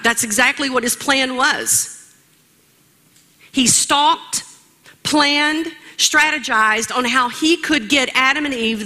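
A woman's voice: on the high side, bright, forceful tone. A woman preaching a sermon in an emphatic, rhetorical way, speaking straight to her listeners.

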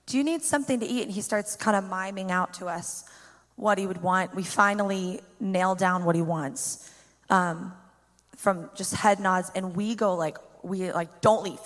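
Woman pastor, animated storyteller, mid pitch, long reverb on the voice. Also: normal speed. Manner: animated storyteller, heavy use of "like". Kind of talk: telling a personal faith story.

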